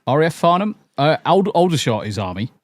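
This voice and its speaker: A man's voice: on the high side, very animated, a little fast, dry recording, clean studio sound. Chatty English man with mixed accent. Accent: mixed English, part Southern, Northern, Midlands and Essex. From English Midlands. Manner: chatty, swears casually, repeats phrases. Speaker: podcast host. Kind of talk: casual podcast chat.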